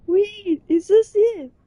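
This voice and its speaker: A young woman streamer gasps and laughs as she reacts to an old clip. Her voice sits high but has a dark, mellow tone, and she speaks very slowly. The sound is dry and slightly dull. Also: dry recording. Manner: gasping, laughing, excitable. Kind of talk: excited reaction commentary.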